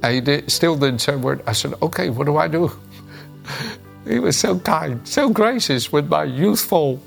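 Gravelly, earnest man preaching a devotion. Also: on the high side, big pitch swings, measured pace, faint music behind. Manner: earnest storytelling, chuckles often. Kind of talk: devotional sermon with scripture reading.

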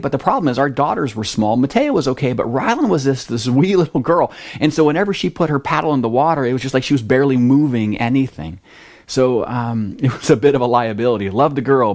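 Middle-aged male pastor, casual storytelling sermon, medium voice, gets animated in the tense bits. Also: mid-range voice. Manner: conversational storytelling, lively at dramatic moments.

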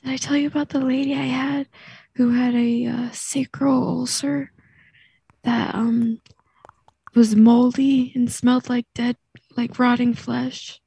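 A woman nurse co-hosting a casual podcast, telling animated stories and acting out the quotes. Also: on the high side, a little slow, gravelly, slightly rough, no echo. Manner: animated storyteller who acts out quotes. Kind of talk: casual chat.

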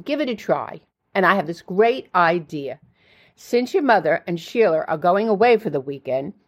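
A woman voicing a brash, scheming teenage girlfriend who is pushy and upbeat and swears freely. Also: lowish voice.

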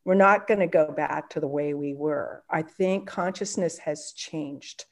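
A middle-aged woman with a lowish voice answers a podcast question. She is animated and reflective, and she laughs lightly between thoughts. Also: a little slow. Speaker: podcast guest, permaculture teacher. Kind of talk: casual interview answer.

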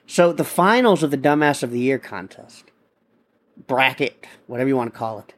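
A man's voice: mid-range voice, lively intonation, normal speed. A man hosting his own podcast, a stand-up comedian ranting in a rambling, profane casual monologue full of restarts.

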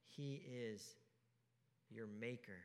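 A man preaching a sermon as pastor, emphatic, asking rhetorical questions and swinging from hushed to loud. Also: mid-range voice, extremely slow, clean tone. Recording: long hall reverb.

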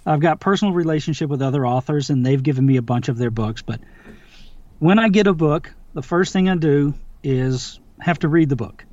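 Guy audiobook narrator talking easy in his home studio, bit high voice, dead dry sound. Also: brisk, dry recording, lo-fi sound. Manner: relaxed, chatty, restarts often. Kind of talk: casual interview chat.

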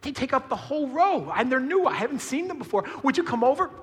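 A man voicing an eager, chatty older woman churchgoer, talking rapidly. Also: very high-pitched, big pitch swings, long reverb tail, pitched above the performer's own voice.

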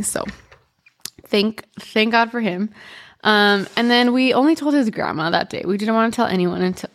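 A woman hosting her own podcast, telling a personal story casually with lots of "like" and "um". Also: mid-range voice. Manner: chatty, full of "like" and "um" fillers, quick bursts and slow pauses. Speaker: podcast host.

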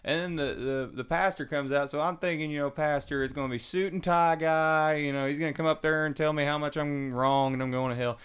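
A man telling his recovery story in casual, animated talk, acting out the voices of people he quotes. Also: a little high, fairly quick, few pauses, smooth. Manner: animated, acts out quoted voices, Southern colloquial.

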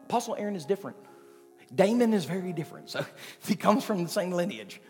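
Male pastor, higher voice, animated sermon delivery, long hall reverb, faint music behind. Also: fast talker. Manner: animated, shifting from quiet to shouting. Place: church sanctuary.

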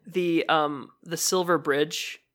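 A man's voice: fairly high pitch, fairly even intonation, slow, fairly bright tone. A man from Michigan co-hosting a casual podcast chat, talking with many fillers and restarts. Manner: hesitant, lots of fillers and restarts. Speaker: podcast co-host.

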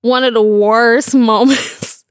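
Woman, middle-aged, funny devotional story, slangy and playful, laughs a lot, higher voice, dry close sound. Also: fairly even intonation, slow pace, clean tone, no room sound. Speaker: devotional speaker.

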